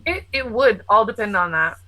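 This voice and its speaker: A woman playing a tabletop game, speaking plainly and loudly from away from the mic. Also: medium pitch, big pitch swings, moderate pace, poor audio. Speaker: player. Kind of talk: casual tabletop game chat.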